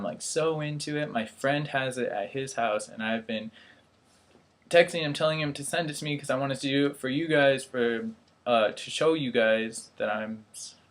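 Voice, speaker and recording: A young man talking casually to his camera, wandering from point to point. He pokes fun at himself and laughs at his own slips, in an ordinary mid-pitched voice. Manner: rambling, self-deprecating, laughs at himself. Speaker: vlogger, airman. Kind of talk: casual vlog chat.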